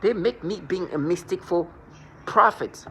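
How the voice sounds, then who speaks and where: Guy ranting on his vlog, kinda high voice, keeps tripping over words, a little background hiss. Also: measured pace, a bit bright. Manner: agitated, scornful, repeats and restarts words. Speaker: vlogger. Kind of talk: rambling personal monologue.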